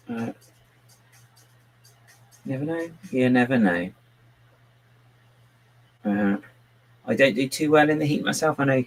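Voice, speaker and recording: A man with a lowish, gravelly, slightly rough voice, heard on a rough recording. He is a brick builder livestreaming as he builds, chatting casually and muttering to himself and to a pet on his lap.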